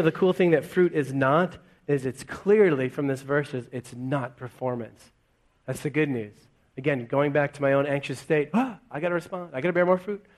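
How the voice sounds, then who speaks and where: A male pastor preaching to a congregation in church. His voice sits a little above the usual male range, and he keeps it conversational, asking the room question after question. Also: on the high side. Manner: conversational, full of rhetorical questions. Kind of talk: sermon.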